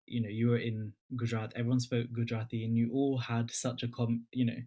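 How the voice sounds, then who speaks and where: Interviewer: man, mid-pitched, winding questions full of fillers. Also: little pitch movement, fairly quick, dark tone, dull audio.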